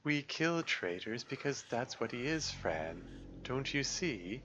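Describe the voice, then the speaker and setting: A man voicing a sinister, manipulative shadow self who speaks in a low, coaxing way. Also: big pitch swings, takes it slowly, sharp tone, dull audio, a little hiss or hum, heavily acted.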